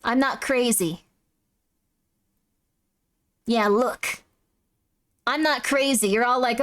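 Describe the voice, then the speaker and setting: A woman's voice: fairly high pitch, slow pace, pauses often, a bit bright. A woman streamer chatting casually while playing, gushing and rambling with lots of apologies. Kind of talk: casual live-stream chat. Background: game music.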